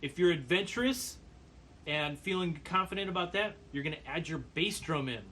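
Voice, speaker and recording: A man giving a percussion lesson, calmly explaining brush patterns and counting beats aloud. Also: a little high, normal speed, a little hiss or hum. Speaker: percussion teacher. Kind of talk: instructional demonstration.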